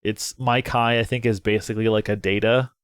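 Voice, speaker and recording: A young man casually narrating his way through a story game, thinking out loud, excitable and prone to swearing. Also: lowish voice, a little fast, smooth, no echo, clean studio sound. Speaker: game let's player. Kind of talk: casual gameplay commentary.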